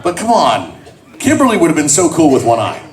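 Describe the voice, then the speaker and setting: A man's voice: a little high, brisk, distant mic, slight background noise. A man telling jokes and stories to a convention crowd at a panel. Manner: joking, animated storyteller. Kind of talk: comedic panel talk to a crowd.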